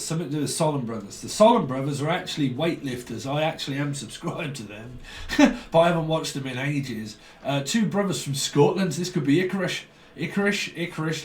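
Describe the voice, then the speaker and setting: A man giving a casual tarot reading, rambling in a stream of consciousness and chuckling often. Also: fairly high pitch. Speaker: tarot reader. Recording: roomy, distant mic, faint background noise.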